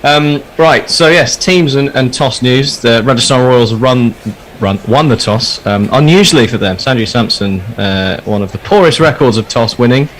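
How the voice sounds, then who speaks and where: A man at an ordinary pitch hosts live cricket commentary in a relaxed, chatty way. There is a faint hiss behind his voice. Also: normal speed, poor audio. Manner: easygoing, chatty, laughs readily. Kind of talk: casual ball-by-ball commentary.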